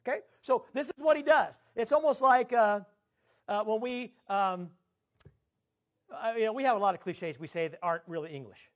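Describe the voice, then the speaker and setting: A man preaching a sermon, emphatic, drawing out scripture quotes slowly and swinging his pitch up and down. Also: a bit bright. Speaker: pastor.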